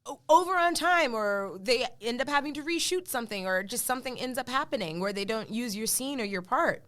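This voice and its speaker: A woman telling an animated story in casual chat, acting out the lines of people she quotes. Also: fairly high pitch, fairly quick. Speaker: podcast guest.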